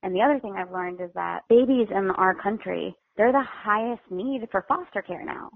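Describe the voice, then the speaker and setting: A woman's voice: medium pitch, normal speed, gravelly. A woman guest on a phone interview talking about fostering children, chatty and heartfelt, with lots of "like" and "you know". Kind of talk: casual interview over the phone. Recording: tinny phone line, dry.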